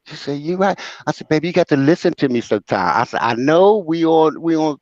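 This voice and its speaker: A man's voice: fairly high pitch, brisk, dry recording. An older man hosting a talk show, telling a funny story with lots of laughter and acted-out voices. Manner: animated, bursts into laughter, acts out voices. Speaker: show host. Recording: dry, dull lo-fi sound.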